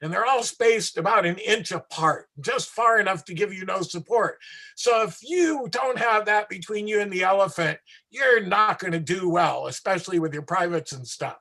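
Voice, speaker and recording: Male street performer, storyteller, high and bright, animated with asides. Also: moderate pace, vocal fry. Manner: animated, acts out voices, trails into asides. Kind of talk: anecdotal storytelling in an interview.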